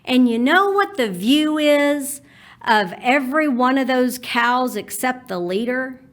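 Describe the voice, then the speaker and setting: A woman voicing a fiery Texan mother, high, loud and insistent, drawling, in a spoken storytelling piece. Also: animated, unhurried. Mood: folksy. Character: feisty Texan mother throwing a loud fit.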